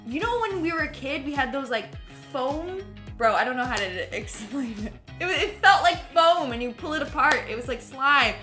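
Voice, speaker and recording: Woman host, chatty and giggly, bright tone, slightly high voice, reacting to clips. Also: animated, normal speed, soft background music. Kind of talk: casual reaction commentary.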